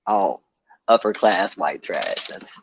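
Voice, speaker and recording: A man's voice: deep voice, takes it slowly, muffled recording, a little hiss or hum. A man from Alabama with an Alabama accent, a panel guest chatting casually online in a drawling, profane way and laughing at himself.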